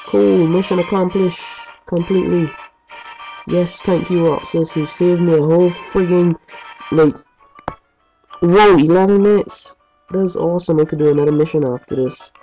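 A man with a slightly high, mellow voice rambles chattily through gameplay commentary as a let's play host, dropping mild swears. He records in his home basement on a muffled, lo-fi track with game music playing underneath. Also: steady tone, normal speed.

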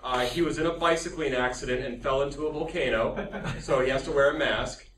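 A man's voice: medium pitch, a little fast, a bit bright. A man presenting to a convention audience, chatty and laughing along with the crowd. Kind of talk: casual talk to an audience. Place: convention hall. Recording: echoey hall, far from the mic, background noise.

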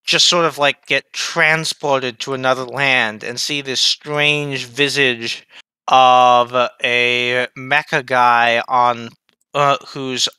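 A man's voice: medium pitch, steady tone, slow, bright, forceful tone, clear, resonant tone, no echo. A man in a casual anime discussion, recapping the plot in long, rambling runs.

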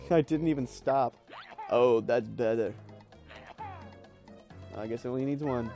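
A man's voice: mid-range voice, unhurried, vocal fry, music in the background. A young man casually commenting while playing a video game, rambling and laughing through stories with lots of fillers. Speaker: let's play host.

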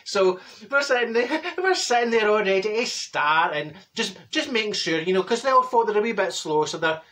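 A man's voice: sits high, very animated, normal speed, sharp tone, exaggerated voice. A man playing a chatty, straight-talking woman from Glasgow with a Glaswegian Scottish accent, telling a comic story in a gossipy, bossy way and acting out other people's voices. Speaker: comedy character. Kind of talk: comedy character monologue.

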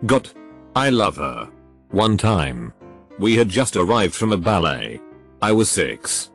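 A man reading stories aloud as a narrator, speaking in a lively voice with flat asides. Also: deep voice, takes it slowly, soft background music.

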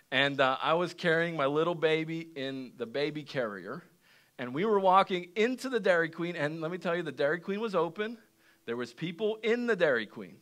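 A young adult man preaching a sermon as pastor, telling stories animatedly and swinging between quiet passages and shouted lines. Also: on the high side. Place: church sanctuary.

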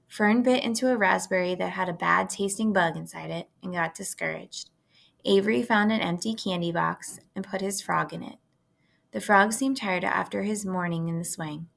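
A woman reading a children's novel aloud in a steady, gentle storytelling manner. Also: mid-range voice, gravelly.

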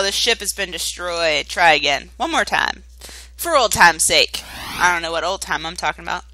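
A young woman hosting let's-play commentary, excitable and swearing at the game as she plays. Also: mid-range voice, poor audio. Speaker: gaming channel host. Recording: game music loud behind. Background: game music.

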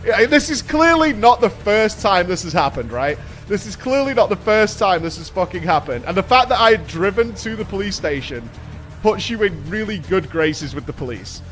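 A young British man, a streamer, casually telling a story to his chat, animated, swearing and laughing at himself. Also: sits high, moderate pace.

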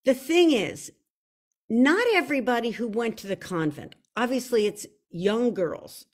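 A woman hosting a live online show, chatting casually and with self-deprecating humor, often restarting her sentences. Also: on the high side. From United States. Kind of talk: casual live-stream talk.

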